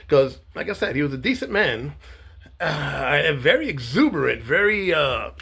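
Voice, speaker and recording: A man with a gravelly, husky voice talks slowly to camera in a sarcastic monologue. His pitch rises and falls a lot, and he pads his sentences with many filler sounds. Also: very animated, a bit bright. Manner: rambling, lots of uh and um, sarcastic. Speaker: commentator.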